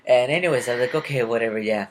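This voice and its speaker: A young man tells a personal story in a loose, rambling way, with a voice of middling pitch. He keeps acting out his conversations in quotes. A faint hum of room ambience sits behind him. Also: very fast. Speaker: vlogger. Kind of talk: casual storytelling.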